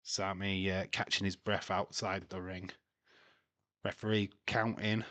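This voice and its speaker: A man's voice: low-pitched, flat delivery, measured pace, a bit bright, no echo. A man hosting a live wrestling watch-along stream, giving casual commentary, often laughing and teasing his chat. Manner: chatty, laughs often, reads and teases chat. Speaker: livestream watch-along host.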